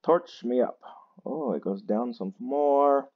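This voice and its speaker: A tired man, chatting slowly and poking fun at himself while he plays a game. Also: mid-range voice, highs cut off. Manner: slow, chatty and self-mocking. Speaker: gaming channel host. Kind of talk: casual gameplay commentary.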